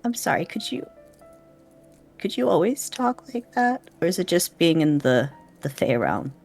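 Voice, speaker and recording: A player at a live tabletop game who speaks hesitantly, with many pauses and ums. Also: medium pitch, very animated, a little mellow, husky, soft background music. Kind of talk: casual play at a tabletop game on a stream.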